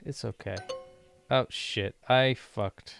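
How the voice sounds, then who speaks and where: A man's voice: medium pitch, fairly even intonation, slow, vocal fry, fairly bright tone, faint music behind. A young man from the United States chatting casually in a rambling way, laughing often while he works through language lessons. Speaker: vlogger learning a language. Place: living in Brazil.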